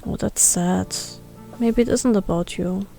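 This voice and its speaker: A woman's voice: mid-range voice, unhurried, vocal fry, dark tone, faint music behind. A woman streamer, playfully reading game dialogue aloud as she plays and barking along for the dog. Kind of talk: reading game text aloud while playing.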